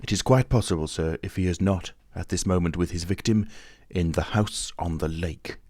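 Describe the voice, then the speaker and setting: A man reading an audiobook, voicing a grave, cautious stranger who speaks in calm, measured warnings. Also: sits low, dry recording, clean studio sound. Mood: guarded. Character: grave, mysterious male stranger, cautious and secretive.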